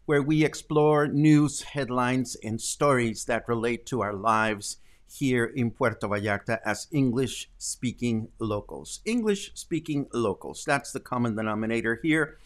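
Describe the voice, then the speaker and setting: A man's voice: medium pitch, measured pace. A middle-aged man hosting a daily live stream from home, chatting casually with viewers and rambling with many ums and self-corrections. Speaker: host.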